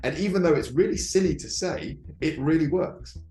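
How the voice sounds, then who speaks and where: A man's voice: fairly high pitch, animated, moderate pace, warm tone, reverberant, faint music behind. A man, a founder, chatting candidly and reflectively on a podcast. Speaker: startup founder guest. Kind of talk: casual podcast chat.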